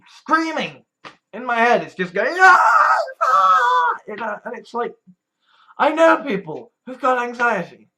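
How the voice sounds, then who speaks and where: A vlogger in a candid personal monologue, blunt and profane, sighing and trailing off, then flaring into mocking loud bits. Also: mid-range voice. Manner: blunt and profane, with frequent sighs and trailing restarts; swings between weary mutters and mocking shouted quotes.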